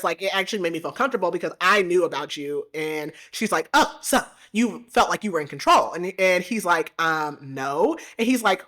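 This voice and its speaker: A woman podcast host giving a casual, animated book recap, full of "like" fillers. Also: lowish voice. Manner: animated retelling with frequent "like" fillers.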